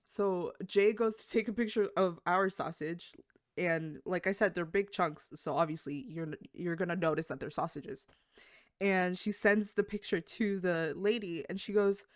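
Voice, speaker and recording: A young adult woman, a podcast co-host, casually telling work stories in an animated way, swearing and acting out the voices of people she quotes. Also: fairly low pitch, a little slow, no room sound, studio quality. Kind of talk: casual storytelling chat.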